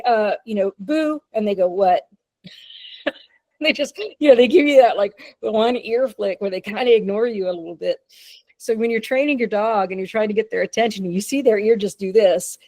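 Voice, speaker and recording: A woman presenting a webinar on dog behavior talks in a loose, chatty manner with plenty of fillers and easy laughs. Her voice has a gravelly, creaky texture at a middle pitch. The sound is dry with no room echo. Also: a little mellow. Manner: chatty, informal, laughs often, many fillers.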